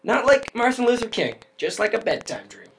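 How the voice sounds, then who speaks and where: A man's voice: high-pitched, wildly swooping pitch, brisk, gravelly, a bit bright, a little hiss or hum, low-quality recording. A man co-hosting a podcast, telling a rambling, joking story in casual chat. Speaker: podcast co-host.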